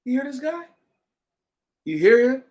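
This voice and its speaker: A man reading Bible verses aloud deliberately and stopping for lively, slangy commentary. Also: very high-pitched. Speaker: Bible study podcaster. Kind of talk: scripture reading with casual commentary.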